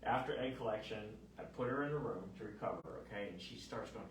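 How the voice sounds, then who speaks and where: A man's voice: fairly low pitch, fast, a little hiss or hum. A man in his fifties, a fertility doctor, chatting casually and telling stories with lots of fillers. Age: 50s. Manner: chatty, animated storyteller with many fillers. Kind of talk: casual chat. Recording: echoey room, mic at a distance.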